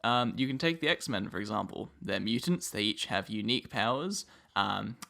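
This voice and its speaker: A man's voice: on the low side, expressive, normal speed, gravelly, pushed and bright. An Australian man hosting a podcast, explaining at length in a casual way with plenty of "um"s. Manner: explains at length with many ums. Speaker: podcast host.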